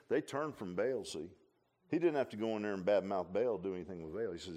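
A pastor giving a conversational sermon in a folksy manner, often repeating and restarting phrases and adding humorous asides. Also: male voice, fairly low pitch, fast talker, warm tone.

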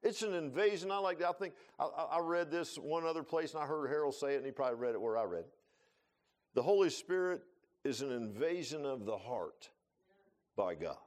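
Folksy pastor preaching, loud to hushed. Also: male voice, animated, a little fast. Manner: folksy preacher, swings from loud rising bursts to low quiet asides. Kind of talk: sermon.

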